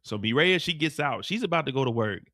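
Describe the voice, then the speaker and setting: A man's voice: medium pitch, lively intonation, fast talker, pushed and bright, dry recording, clean studio sound. A man hosting a live show recap, telling the story with lots of energy and breaking into voices and sound effects.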